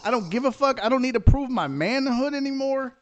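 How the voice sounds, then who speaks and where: Animated, high-voiced man in his forties. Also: a little fast. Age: 40s. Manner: loud, laughing, profane, animated storytelling. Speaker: podcast host. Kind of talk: casual banter.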